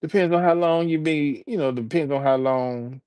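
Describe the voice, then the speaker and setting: A man from Alabama, chatting casually on a livestream and shouting out viewers by name. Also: on the high side, normal speed, clean tone, no room sound. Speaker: livestreamer and rapper. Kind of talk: casual live-stream chat.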